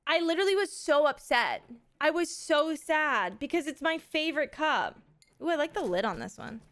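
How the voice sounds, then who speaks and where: Young woman, casual streamer chatter, excitable, slightly high and very animated. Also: moderate pace. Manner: chatty and excitable, gushing with gasps and laughs. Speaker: live streamer and mother of a toddler. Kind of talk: casual chat.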